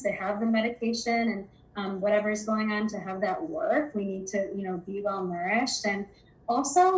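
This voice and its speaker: A woman's voice: medium pitch, slight background noise, poor audio. Thoughtful rambling woman guest. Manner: thoughtful, rambling, many fillers. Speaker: guest expert on intuitive eating. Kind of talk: conversational interview.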